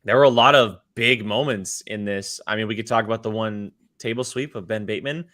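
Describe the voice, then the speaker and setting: Bright-voiced man, casual podcast co-host. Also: lowish voice, a little fast. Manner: rambling with fillers and restarts. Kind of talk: casual chat.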